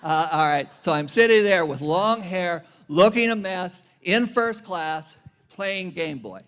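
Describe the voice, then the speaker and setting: Man, conference speaker, self-deprecating storyteller, slightly high voice. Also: unhurried, a bit bright. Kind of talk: humorous anecdote in a speech. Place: conference venue.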